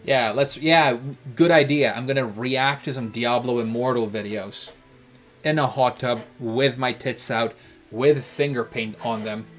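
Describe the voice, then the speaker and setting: A British man chats through a game stream at a mid pitch, wandering from joke to joke and filling gaps with little hesitations. His talk stays loose and offhand. Soft music plays quietly behind him. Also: a little slow. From Britain. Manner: rambling, joking, trails off with "uh". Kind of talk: casual chat answering viewers while gaming.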